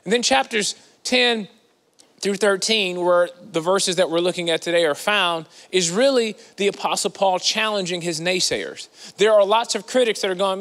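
A man preaching in a large church, his voice riding high and sounding bright and forceful. He talks in an animated, conversational way and swings between loud bursts and hushed asides. Long reverb from the big hall trails after his words. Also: normal speed. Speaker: guest preacher. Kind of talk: sermon.

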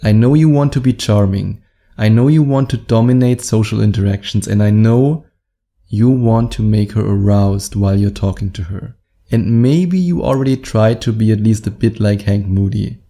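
A man with a low, mellow voice that has a steady gravelly rasp underneath. He coaches his viewers directly, laying out advice in a slow, deliberate, instructive way. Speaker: dating coach. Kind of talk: direct-to-camera advice monologue.

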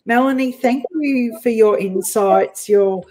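On a low-quality recording, the Australian host speaks slowly in a fairly high, mellow voice. She keeps the interview casual, chatting playfully and laughing frequently.

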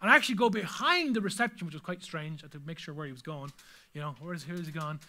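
Bright-voiced pastor preaching. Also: male voice, a little high, racing. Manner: storytelling, humorous, animated. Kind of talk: sermon.

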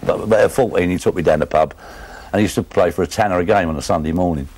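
A man's voice: sits low, fast talker, darkish tone, breathy edge. A man with a London Cockney accent, telling rambling stories in casual chat, often adding "you know what I mean". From England. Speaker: former darts player telling stories.

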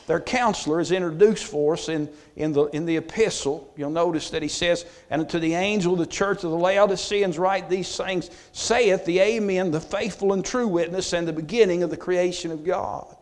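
High-voiced man preaching a Bible study. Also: moderate pace, few pauses. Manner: folksy, repeats and restarts, rises in force on key points. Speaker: pastor.

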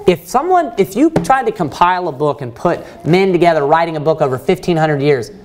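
Animated high-pitched pastor teaching. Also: male voice, brisk, noisy background. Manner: emphatic, animated teaching with rhetorical questions and frequent restarts. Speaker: pastor teaching a Bible study. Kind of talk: church Bible study teaching. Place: church.

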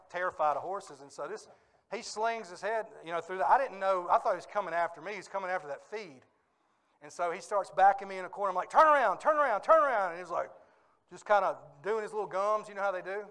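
A male pastor preaching a sermon in a church, telling stories with lively energy and bursts of laughter. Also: high voice. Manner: animated storytelling with bursts of laughter. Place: church sanctuary.

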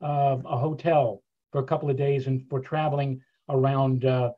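An older man telling animated stories on a video call, with frequent restarts, speaking as a guest speaker. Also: mid-range voice, moderate pace, narrow, tinny audio. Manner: animated raconteur, many restarts.

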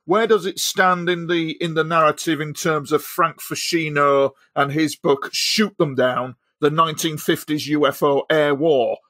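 Male host, courteous and hesitant, a bit high-voiced, asks long winding questions. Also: fairly even intonation, measured pace, hardly any pauses, sharp tone, no room sound, clean studio sound. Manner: polite, hesitant, apologetic interruptions. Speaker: podcast host. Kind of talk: interview questions.

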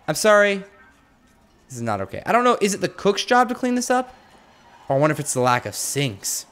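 A young adult man hosting a let's play, chatting through a prison-building game with mumbled asides and excited yelps. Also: a little high. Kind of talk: gameplay commentary.

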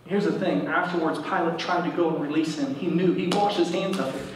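A man with a high-pitched voice preaches a sermon, reading scripture aloud and explaining it to the congregation. The sound is heavily echoey, like a large church room. He sounds a bit away from the microphone. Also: a little fast, far from the mic, background noise. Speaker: pastor. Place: church service.

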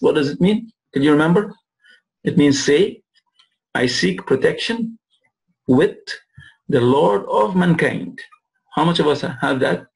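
A male teacher with a gravelly, fry-edged voice walks students through Arabic verb forms. He checks in often with "right?" and draws out each Arabic word slowly so they can repeat it. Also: mid-range voice, a little mellow, low-quality recording. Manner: repeats phrases and asks "right?" to check understanding; drawls Arabic words slowly to model pronunciation. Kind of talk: classroom lesson.

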